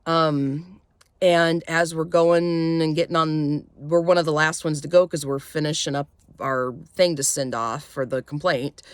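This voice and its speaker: Low-voiced woman telling a rambling story. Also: no room sound. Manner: rambling, halting retelling with many fillers; shaken, tense when recounting fear. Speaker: vlogger. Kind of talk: personal story time.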